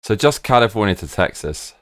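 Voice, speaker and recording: In a fairly low, fairly quick voice, a man chats casually with his stream viewers while planning a trip. He thinks aloud with excitement, his speech peppered with "look" and "bruv."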